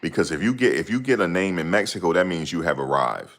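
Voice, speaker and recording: Deep voiced guy rambling about stuff, slangy, keeps losing names. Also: big pitch swings, fast, a bit bright. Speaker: host. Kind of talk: casual chat.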